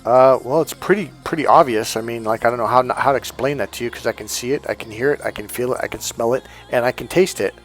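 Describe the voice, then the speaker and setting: A man's voice: medium pitch, fast talker, few pauses. Self-assured man with faint music behind. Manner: animated, self-assured, laughs at his own points. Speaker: spiritual coach. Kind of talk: casual spiritual monologue.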